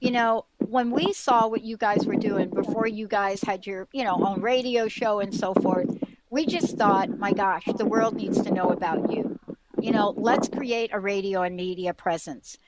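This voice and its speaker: A woman's voice: medium pitch, steady tone, moderate pace, heavy background noise. A woman hosting a radio talk show, chatting eagerly and rambling with many fillers and restarts. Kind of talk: casual radio chat.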